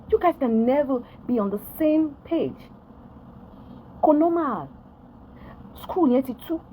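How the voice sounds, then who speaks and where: A woman's voice: a little high, a little mellow, slight background noise, low-quality recording. A Nigerian woman ranting straight to camera for her followers, emphatic and repetitive, often asking if they understand. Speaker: vlogger addressing followers. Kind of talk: direct-to-camera rant.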